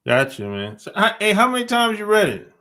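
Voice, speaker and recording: A male podcast host talks slowly and easily, laughing and teasing as he goes. His voice sits on the high side and swings around a lot. The tone is bright and forward. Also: wildly swooping pitch. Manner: laid-back, laughs often, teasing. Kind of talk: casual podcast talk.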